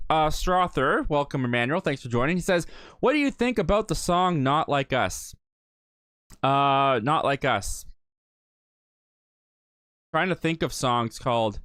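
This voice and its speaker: A man's voice: a little high, a bit bright, clear, resonant tone, dry recording. A young adult man hosting a casual live Q&A stream, chatty and rambling, with lots of fillers and self-corrections. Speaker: live stream host reading chat.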